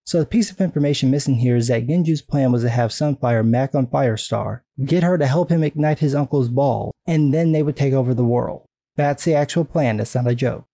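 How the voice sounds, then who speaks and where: A man's voice: mid-range voice, dark tone, no echo. A man delivering a sarcastic, indignant video commentary rant with frequent profanity.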